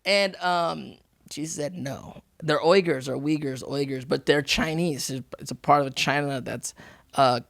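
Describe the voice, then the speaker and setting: A man chatting as a podcast guest, telling stories lively and acting out the people he quotes. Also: on the high side, unhurried, vocal fry, dry recording, studio quality. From United States. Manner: lively storyteller who acts out quoted people. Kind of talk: casual interview chat.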